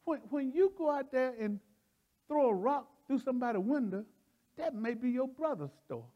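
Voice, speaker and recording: A man preaching in a folksy, excitable way, often laughing and repeating phrases as he teaches. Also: extremely high pitch, normal speed, highs cut off. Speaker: preacher leading a Bible study. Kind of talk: animated sermon teaching.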